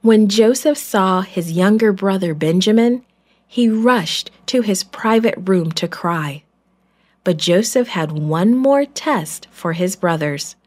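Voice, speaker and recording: Slow-paced woman storyteller. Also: medium pitch, darkish tone. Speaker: narrator. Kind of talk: children's Bible story narration.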